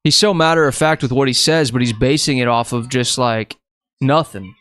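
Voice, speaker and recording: A man in casual chat on a podcast, blunt and opinionated, his voice smooth and resonant. The sound is dry and close, with no room around it. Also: medium pitch, normal speed, a bit bright, no room sound. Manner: blunt, opinionated, swears freely. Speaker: podcast co-host. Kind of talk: casual fight-watching chat.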